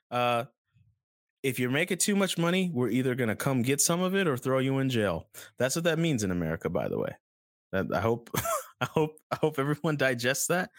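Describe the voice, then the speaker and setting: A man's voice: mid-range voice, no room sound, clean studio sound. A man hosting a podcast in casual chat, rambling and playful as he jumps between topics. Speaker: podcast host.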